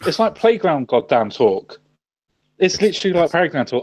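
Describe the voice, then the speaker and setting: A man's voice: a little high, big pitch swings, moderate pace, darkish tone. A man co-hosting a casual chat, emphatic, repeating his points and swearing casually. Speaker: co-host.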